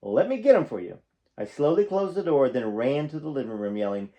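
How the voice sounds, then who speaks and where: A man's voice: mid-range voice, expressive, fairly quick, dull audio. A man hosting a channel, reading a book aloud and stopping often for casual, folksy comments. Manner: breaks off to comment, folksy and conversational.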